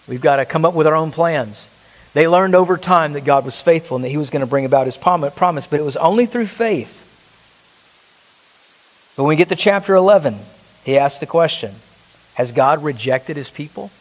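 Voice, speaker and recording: A man's voice: on the high side, expressive, normal speed, in a large hall, poor audio. A man preaching a sermon as pastor, emphatic, asking the congregation rhetorical questions. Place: church.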